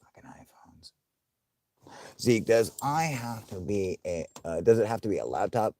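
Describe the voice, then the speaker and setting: A man's voice: lowish voice, animated, a little slow, a little mellow, a little hiss or hum. A man hosting a live stream, chatting casually with viewers in a profane, rambling way and laughing often.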